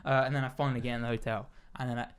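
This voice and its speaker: A man's voice: mid-range voice, flat delivery, racing, clean tone. A young man telling a rambling story in casual chat, with stammering restarts and frequent swearing. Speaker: podcast host.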